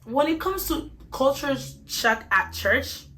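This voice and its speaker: Young puerto rican woman, american accent, fairly high voice, chatty vlog talk. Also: animated, takes it slowly, bright, forceful tone. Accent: American, Atlanta-influenced. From Puerto Rico. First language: Spanish. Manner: upbeat, chatty, says like a lot. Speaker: vlogger. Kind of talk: casual vlog.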